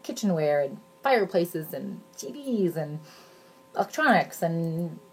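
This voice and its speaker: A woman in her thirties giving a casual, chatty sales pitch straight to her viewers, bubbly and jokey. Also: sing-song, unhurried, darkish tone, slightly rough. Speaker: direct sales consultant.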